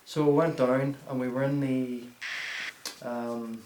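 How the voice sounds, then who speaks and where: A man's voice: mid-range voice, level tone, slow pace. A man on a ghost hunt, telling what he heard in a casual way. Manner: hushed then loud calling out. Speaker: ghost hunter. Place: dark old building at night. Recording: echoey room with noise.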